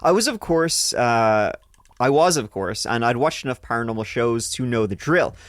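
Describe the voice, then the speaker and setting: A man's voice: mid-range voice, expressive, moderate pace, no echo. A man hosting a podcast, reading a listener's ghost story aloud in a casual way, swearing freely and joking between lines. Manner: swears freely, breaks off to joke mid-story.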